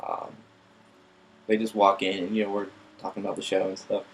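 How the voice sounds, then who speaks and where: A man's voice: sits low, completely flat delivery, brisk, creaky, a little hiss or hum, poor audio. A young man casually telling a rambling, profane story to his viewers. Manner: rambling, filler-heavy, profane. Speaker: vlog host.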